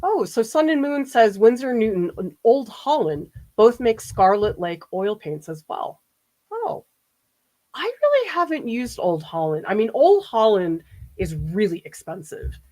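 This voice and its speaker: A woman's voice: on the high side, very animated, a little slow, mellow. A woman art professor from the US East Coast, chatting casually with viewers during a livestream painting demo and often laughing as she reads their comments aloud.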